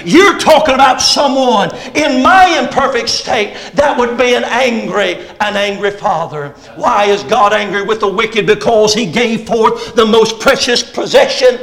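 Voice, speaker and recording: Middle-aged male preacher, high voice, fervent pulpit delivery. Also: measured pace, creaky, few pauses, low-quality recording. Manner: fervent preaching, rising and shouting on key phrases. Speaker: pastor. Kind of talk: sermon.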